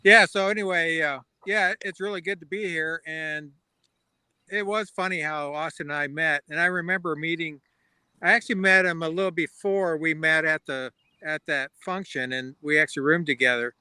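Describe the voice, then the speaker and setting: A middle-aged man chats as a guest on a video call in a friendly, joking way. His voice is very bright and crisp, and the sound is dry and close. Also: a little high, steady tone, normal speed, no echo. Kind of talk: casual chat on a video call.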